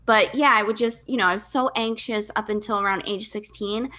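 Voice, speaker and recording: Bright-voiced chatty woman. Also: medium pitch, fairly even intonation, a little fast. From Michigan. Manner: chatty, laughs often, many "like"s and fillers. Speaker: podcast guest. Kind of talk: casual interview storytelling.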